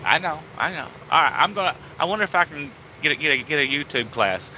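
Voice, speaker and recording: Bright, lively man bantering in a truck. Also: on the high side, fast talker, a little hiss or hum. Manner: teasing, playful, admits he stutters less now. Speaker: trucker co-host. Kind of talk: casual banter on a live stream. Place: truck cab.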